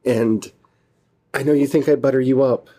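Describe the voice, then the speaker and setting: A man's voice: mid-range voice, steady tone, moderate pace, mellow. A man hosting his own podcast, talking alone in an earnest, emotional way and often repeating and restarting his phrases. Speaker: podcast host. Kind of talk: heartfelt solo podcast monologue.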